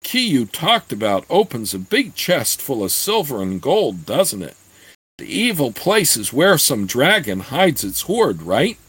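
A man reading aloud voices a small, eager apprentice boy who pleads and flares up quickly. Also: medium pitch, wildly swooping pitch, a bit bright, slightly rough, exaggerated voice.

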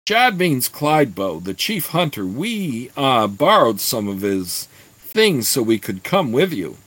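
A man's voice: mid-range voice, very animated, measured pace, a bit bright, breathy edge, no room sound, full character voice, rough recording. A man reading aloud voices a tall, earnest apprentice boy who speaks plainly. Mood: confessing.

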